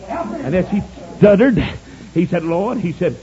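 Fervent high-voiced man preaching. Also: sing-song, a little slow, crowd noise. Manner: fervent, shouts praise, folksy storytelling. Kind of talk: sermon. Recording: dull lo-fi recording with congregation.

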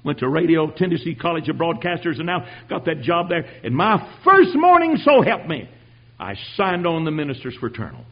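An older man preaching his own testimony, telling it dramatically and swinging from hushed tones to shouting. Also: fairly high pitch, sing-song, fairly quick, muffled recording. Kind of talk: sermon testimony.

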